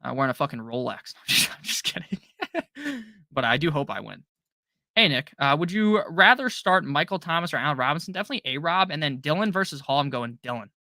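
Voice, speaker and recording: A man hosting a casual live-stream Q&A, reading viewer questions aloud and answering them quickly with jokes. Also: fairly high pitch, lively intonation, pushed and bright, dry recording, clean studio sound. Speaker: fantasy football stream host.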